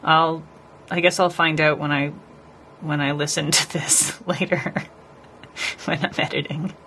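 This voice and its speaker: A woman's voice: low voice, level tone, a little slow, a bit bright, slight background noise. A woman nail artist chatting casually with her live stream viewers as she paints, rambling and talking to the chat.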